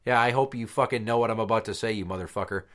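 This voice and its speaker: A man's voice: on the low side, rapid-fire, a bit bright. A man co-hosting a podcast, trading crude jokes and childhood stories in casual chat and acting out the other people in them. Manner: profane storyteller, acts out voices mid-story. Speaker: podcast co-host.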